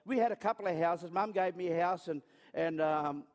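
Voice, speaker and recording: A man preaching, his voice sitting high for a man. He tells chatty, self-mocking stories and often stops and restarts a sentence as he goes. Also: normal speed, in a large hall. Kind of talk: storytelling sermon.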